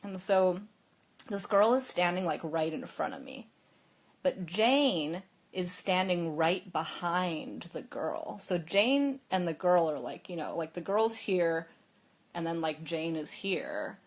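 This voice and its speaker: A woman's voice: on the low side, lively intonation, slow. A young woman hosting a phone livestream, telling a story in a chatty, casual way with lots of "like" and frequent laughs. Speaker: livestream host.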